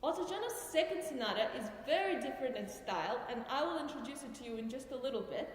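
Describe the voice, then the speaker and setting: A woman's voice: sits high, lively intonation, fast talker. A young woman from Uzbekistan, giving a music lecture recital and explaining patiently with short demonstrations. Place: concert hall. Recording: echoey hall sound.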